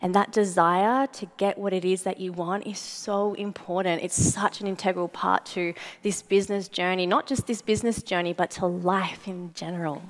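A young adult woman giving a motivational talk to a live audience, telling a story in an animated way, acting out her own remembered words and asking the audience questions. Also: lowish voice, moderate pace, hardly any pauses. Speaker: motivational speaker.

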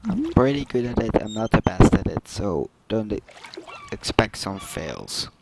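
Slow, low-voiced man doing game commentary. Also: huge pitch swings, vocal fry. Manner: casual, chatty, explains gameplay. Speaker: gameplay video host. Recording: loud background noise.

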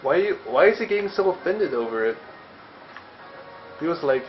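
A man's voice: mid-range voice, lively intonation, fairly quick. Young guy cursing and joking through a game, kinda dull audio with game music faint underneath. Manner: joking, profane and playful. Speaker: let's play host. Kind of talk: casual gameplay commentary.

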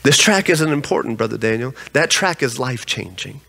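A man's voice: medium pitch, expressive, fairly quick, creaky, sharp tone. A man preaching a sermon in a church, telling stories emphatically. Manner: emphatic storytelling. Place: church sanctuary. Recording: long church reverb.

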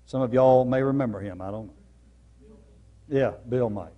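A man preaching a sermon as pastor, repeating key phrases and swinging between loud, emphatic lines and soft, low ones. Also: moderate pace, muffled recording.

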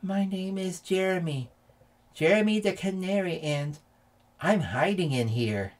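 A man's voice: high-pitched, animated, measured pace, voice pushed up. A man doing Jeremy, a shy little canary. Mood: sheepish. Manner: small, quiet voice.

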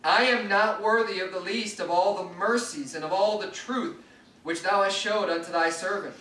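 A man's voice: sits high, normal speed, bright, forceful tone. A man pastor preaching a sermon, reading scripture aloud and explaining it earnestly. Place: church sanctuary. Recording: echoey church room from a distant mic.

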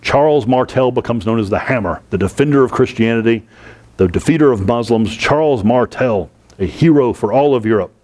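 Brief: male history lecturer, mid-pitched, talks to a class, repeats and slows on key terms. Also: darkish tone. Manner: explains with repetition and rhetorical questions, slows to stress key terms.

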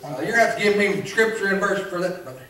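A man's voice: high-pitched, animated, fast, bright, forceful tone. A male preacher giving a sermon in a church, repeating phrases and calling for responses from the congregation. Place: church sanctuary. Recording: echoey church from a distance.

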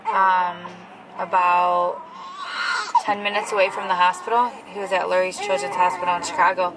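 A woman's voice: on the low side, flat delivery, normal speed. A woman telling a story about her son in a casual vlog, chatty, full of fillers and restarts, while in a car. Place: in a moving car. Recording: loud road noise from a car.

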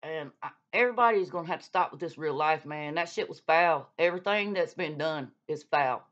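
A YouTube vlogger calls out another creator in a heated, casual rant, blunt, profane and scolding. Her voice is deep, brisk and a bit bright, and the recording has a dull lo-fi sound.

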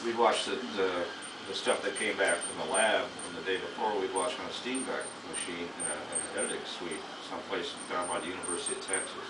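A man's voice: low-pitched, steady tone, fast talker. A man in his sixties, a guest actor at a live Q&A, rambling through anecdotes with lots of laughter and swearing. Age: 60s. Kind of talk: casual storytelling to an audience. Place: small underground venue with an audience. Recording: echoey room from far off, loud noise.

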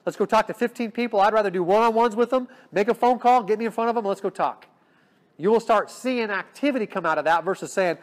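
A man giving an energetic business training talk, coaching his audience with frequent rhetorical check-ins. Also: high voice, fast talker. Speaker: sales trainer.

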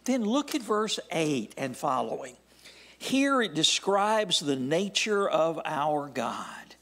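Slow, whispery-ending male preacher. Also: fairly high pitch, big pitch swings, fairly bright tone. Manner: deliberate, drops to a near whisper at phrase ends. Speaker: pastor. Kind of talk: sermon. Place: church sanctuary.

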